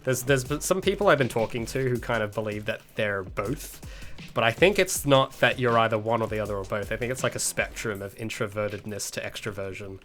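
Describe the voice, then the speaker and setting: A man's voice: on the low side, a little fast, fairly bright tone, soft background music. A man with an Australian accent chatting casually with viewers on an indie game dev livestream, rambling and hedging, chuckling now and then. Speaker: indie game developer streaming.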